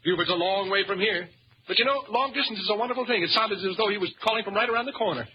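A man's voice: high voice, rapid-fire, natural voice. An actor playing a nervous, stammering young ladies' man, in 1940s radio comedy style. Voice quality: stammering, jittery. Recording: muffled old radio recording, faint hiss.

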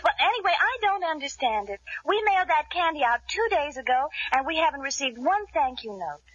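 An actress playing a brisk, chatty young woman, in 1940s radio acting. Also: high-pitched, sing-song, fairly bright tone, no room sound. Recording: dry, dull old radio recording.

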